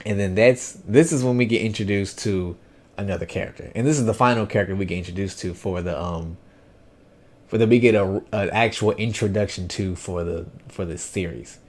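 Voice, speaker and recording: Low-voiced man rambling through an anime review. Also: a little fast. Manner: rambling, loose, full of fillers and restarts; chatty, animated. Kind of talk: casual first-impressions review.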